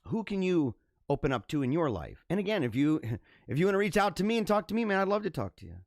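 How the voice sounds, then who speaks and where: A man hosting a live stream, telling a story in a casual, rambling way, with many restarts and bursts of excitement. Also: high voice, quick pace, no room sound, studio quality. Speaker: livestream host.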